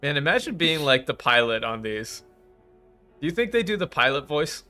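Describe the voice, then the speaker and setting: A man's voice: on the high side, big pitch swings, moderate pace, bright, forceful tone, soft background music. A man chatting casually on a game stream, joking and riffing while reacting to a translation.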